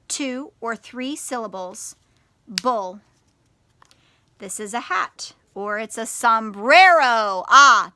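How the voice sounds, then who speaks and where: A female teacher talks young children through a lesson at a very slow, deliberate pace. Her voice is bright and a little high. She draws words out syllable by syllable, on a dry close mic. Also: dry recording. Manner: slow, clear and encouraging, stretching out words syllable by syllable.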